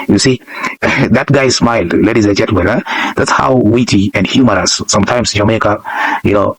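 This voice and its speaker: A man hosting a casual reaction video. He talks in rhetorical bursts, repeats himself, chuckles between points and keeps addressing "ladies and gentlemen". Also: mid-range voice, moderate pace, breathy edge, rough recording.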